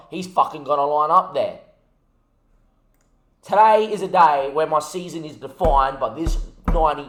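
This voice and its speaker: A man's voice: on the high side, fairly bright tone, echoey room. A young man ranting about a football management game, swearing heavily as he commentates his gameplay. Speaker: gaming YouTuber.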